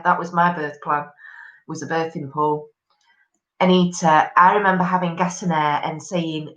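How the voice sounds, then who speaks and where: A woman's voice: fairly low pitch, fairly bright tone. Chatty woman, echoey room. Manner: chatty and gossipy, with many ums. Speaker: live stream host. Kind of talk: casual chat reading out viewer comments. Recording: echoey room, dull lo-fi sound.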